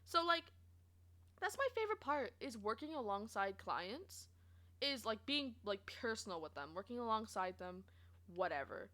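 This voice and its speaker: A young woman chatting to her stream in a high, bright voice that leaps all over the place. She rambles through a story full of fillers and giggles, acting out what people said. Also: normal speed. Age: young adult. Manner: animated and giggly, lots of fillers, quoting others in lively voices. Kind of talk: casual rambling storytime chat.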